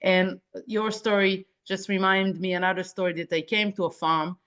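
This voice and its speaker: A woman's voice: medium pitch, little pitch movement, moderate pace, fairly bright tone. A woman from Israel, a sheepdog trainer who is a guest on a podcast, chatting casually in English with small grammar slips. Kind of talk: casual conversation.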